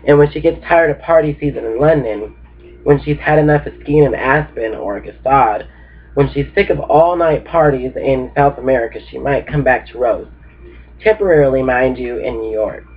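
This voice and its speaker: A man's voice: medium pitch, normal speed. A laid-back man reads a novel aloud in a loose, casual way. He sounds sleepy, as if he has just woken up. The recording is thin and tinny, like a phone line. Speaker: book reader. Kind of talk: casual book reading.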